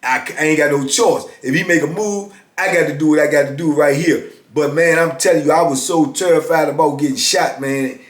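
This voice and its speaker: A middle-aged man telling a story in a loose, conversational way and often checking in with his listener. His voice sits a little higher than most men's. He is recorded in an echoey room. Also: steady tone, brisk, hardly any pauses. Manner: conversational, often asks "you know what I'm saying". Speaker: vlogger telling prison stories. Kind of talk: casual storytelling.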